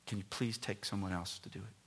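A male pastor preaching a sermon, swinging between loud emphatic lines and soft near-whispers. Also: lowish voice, steady tone, fast, a little hiss or hum.

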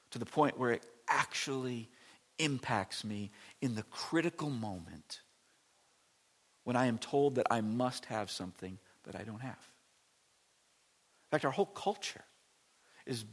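A man preaching a sermon in church, emphatic, with dramatic swings from loud declarations to hushed near-whispers. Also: mid-range voice, unhurried, pauses often, breathy edge. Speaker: pastor.

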